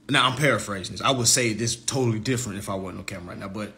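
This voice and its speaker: A man in his thirties delivering a mocking, profane roast monologue to camera, swinging between loud jeers and low mutters. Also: big pitch swings, racing, hardly any pauses, slight background noise. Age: 30s.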